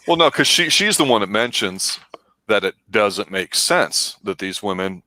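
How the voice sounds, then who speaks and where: A man with a deep, low voice talks through a show on a casual review podcast. He is measured and analytical, and the recording is dry and close. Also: sing-song, pushed and bright, no echo. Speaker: podcast co-host.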